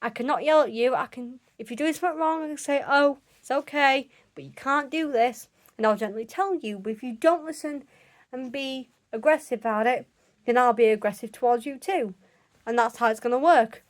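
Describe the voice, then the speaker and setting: A woman speaks in a fairly high voice. She talks emphatically and insistently in a solo opinion monologue, often breaking off and restarting her sentences. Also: a little fast. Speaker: vlogger.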